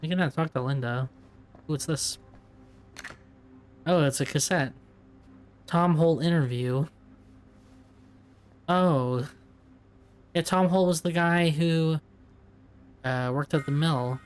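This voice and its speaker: A man's voice: on the high side, takes it slowly, pauses often, clear, resonant tone. A man playing a story game, casually chatting and reading in-game documents aloud, often chuckling and stumbling over tricky words. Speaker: let's play gamer.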